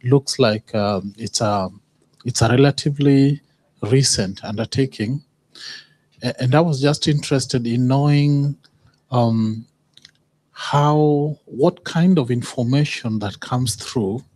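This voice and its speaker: A man's voice: mid-range voice, takes it slowly, a little mellow. A man in the audience politely asking the panel a question. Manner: polite, inquiring. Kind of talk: question from the floor.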